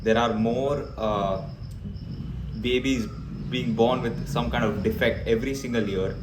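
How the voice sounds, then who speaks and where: A man's voice: mid-range voice, steady tone, unhurried, reverberant, noisy background. Blunt young man. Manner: blunt, ranting, emphatic, with repeated fillers. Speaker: vlogger. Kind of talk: opinionated talk to camera.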